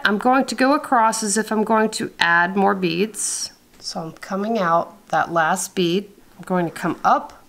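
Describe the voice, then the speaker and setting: Calm woman narrating a beading tutorial. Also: fairly low pitch. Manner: calm, instructive, methodical. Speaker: beadwork tutorial host. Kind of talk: step-by-step craft tutorial narration.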